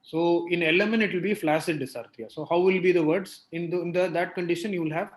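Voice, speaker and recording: A man's voice: sits high, fast talker. A man leading a clinical teaching discussion, quizzing a student and explaining step by step with frequent checks like "right?".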